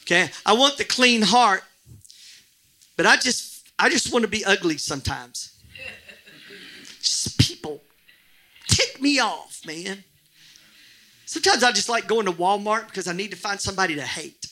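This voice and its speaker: A middle-aged man preaching a sermon as pastor, animated and joking, now and then shouting. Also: sits high, normal speed, pauses often. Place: church.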